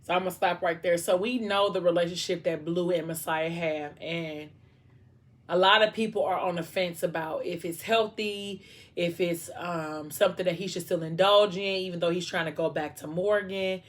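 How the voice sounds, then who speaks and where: A woman's voice: on the low side, steady tone, moderate pace. A young woman reading a book aloud and recapping it in a casual, chatty way with asides. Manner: conversational, with many fillers and asides. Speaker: book reader.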